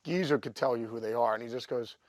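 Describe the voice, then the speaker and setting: A man's voice: medium pitch, quick pace, dry recording. Rambling storyteller man, dry sound. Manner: animated, rambling, lots of fillers. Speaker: guest guitarist. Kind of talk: casual storytelling chat.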